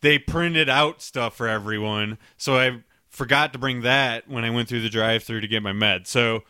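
Man, podcast co-host, rambling storyteller, bright crisp voice, dry close sound. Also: medium pitch, normal speed, no echo. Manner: rambling, laughing, profane, restarts often. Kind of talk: casual storytelling chat.

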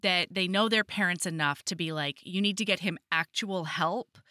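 A woman with a fairly low voice co-hosts a podcast, casually recapping a romance novel at a moderate pace and acting out the characters' quoted lines in an animated retelling. The studio-quality recording has no echo.

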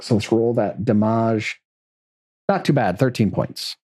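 A man running a tabletop game as game master, measured and focused on the rules. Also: lowish voice, dark tone.

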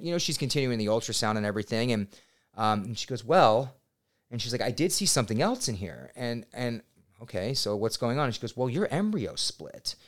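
A man in his thirties, a podcast guest, telling a personal story in a casual, animated and excitable way, swearing now and then. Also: medium pitch, smooth. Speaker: podcast guest, real estate agent.

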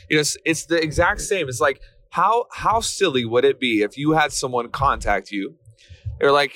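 A man's voice: medium pitch, moderate pace, pushed and bright. A man hosting a motivational podcast, talking bluntly and with fired-up energy. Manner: blunt, fired-up, swears lightly. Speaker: podcast host.

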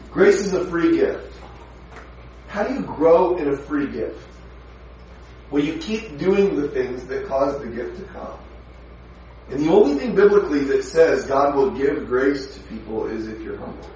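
A man preaching a sermon verse by verse in a chatty, emphatic way, often stopping to ask questions. His voice sits a bit high for a man. He is heard from a distant mic in a large echoey room with faint background noise. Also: darkish tone, dull audio. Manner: conversational, emphatic, asks the audience questions. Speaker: pastor. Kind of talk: sermon, verse-by-verse Bible teaching.

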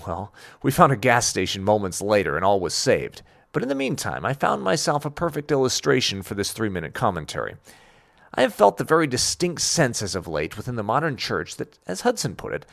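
A man delivers a scripted radio commentary in an earnest, emphatic preaching manner. His voice carries a gravelly edge and swings widely in pitch as he stresses his points. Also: very animated, brisk, fairly bright tone.

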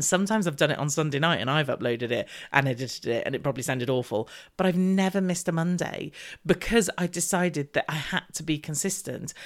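A middle-aged woman, hosting a solo podcast as a business coach, talking directly and emphatically and repeating her key points. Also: on the low side.

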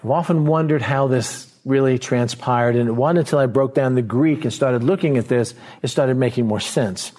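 A man preaching a verse-by-verse sermon in a conversational way, slowing down to stress key words and acting out scenes in quoted voices. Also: medium pitch, darkish tone. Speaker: pastor.

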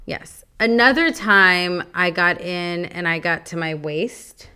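A woman's voice: on the low side, slow pace, smooth. A young woman co-hosting a podcast, chatting casually with lots of fillers and laughter. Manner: chatty, animated, laughs often, many fillers. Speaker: podcast co-host. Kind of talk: casual chat.

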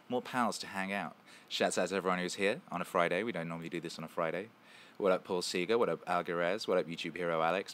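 A man hosts a loose, casual livestream, reading viewer comments aloud and riffing on them. He talks in a playful way, repeating phrases and handing out shout-outs. His voice sits fairly low. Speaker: show host.

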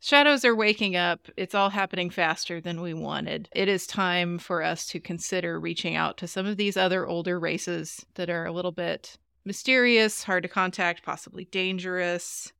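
Bright, gravelly-voiced female podcaster. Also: on the low side, moderate pace, few pauses, no echo, clean studio sound. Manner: friendly, laughs often. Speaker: podcast co-host. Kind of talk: casual chat recapping a TV show.

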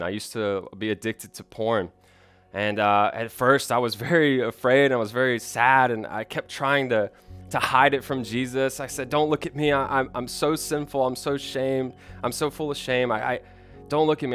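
A man's voice: medium pitch, fairly bright tone, dry recording. A young man preaching a sermon, earnest and personal, often restarting his sentences. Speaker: pastor.

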